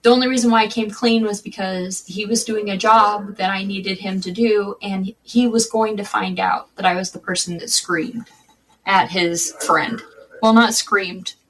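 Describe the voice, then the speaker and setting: A woman's voice: mid-range voice, fairly even intonation, normal speed, a bit bright, distant mic, slight background noise, low-quality recording. A woman guest on a podcast, telling her own life story candidly and conversationally, often restarting her sentences. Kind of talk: personal storytelling in a podcast interview.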